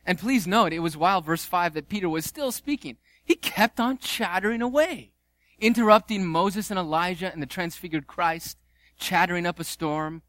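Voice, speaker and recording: Animated male preacher, dry close sound. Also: high voice, moderate pace, no room sound. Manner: animated, conversational preaching with playful asides. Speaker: pastor. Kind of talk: sermon.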